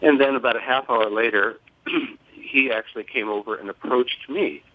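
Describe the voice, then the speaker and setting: An older man and grieving father speaking on a phone-in interview, measured, formal and deliberate. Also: medium pitch, steady tone. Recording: tinny phone line.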